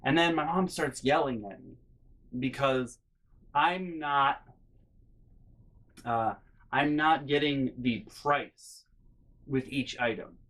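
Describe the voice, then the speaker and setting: A man vlogging a comedic story from his life in a lively, profane, self-mocking way. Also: medium pitch, takes it slowly, long pauses.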